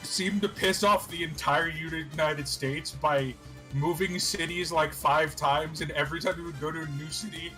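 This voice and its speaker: Bright, slightly higher-voiced man co-hosting a podcast. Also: fairly even intonation, normal speed, soft background music. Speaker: podcast co-host. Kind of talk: casual gaming podcast chat.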